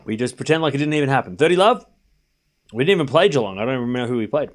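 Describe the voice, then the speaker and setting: A man's voice: medium pitch, lively intonation, rapid-fire. A young Australian man streaming live tennis commentary, calling points and bantering with his chat. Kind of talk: live watchalong commentary, chatting with viewers.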